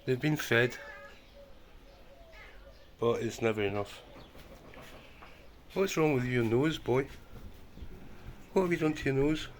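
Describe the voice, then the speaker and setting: A man's voice: mid-range voice, slow pace, long pauses, slight background noise. A man filming his rescue cats, talking to them in a coaxing, affectionate way. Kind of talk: casual talk to animals.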